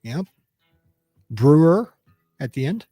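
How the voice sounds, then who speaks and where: Lively man hosting sports radio. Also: fairly high pitch, husky, no echo, faint music behind. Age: 50s. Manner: lively, joking, quick to laugh. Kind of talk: casual sports radio banter. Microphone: studio mic.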